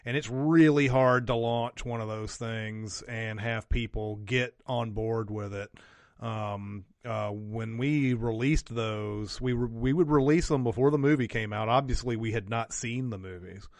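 A man talking casually on a podcast, pausing often with fillers and restarts as he explains. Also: medium pitch, no room sound. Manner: halting, many fillers and restarts. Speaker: channel co-creator and podcast host.

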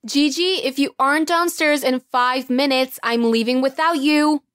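A woman's voice: high voice, moderate pace, fairly bright tone, no echo, clean studio sound, voice pushed up. A woman voicing an impatient mother calling up the stairs in a storybook tale.

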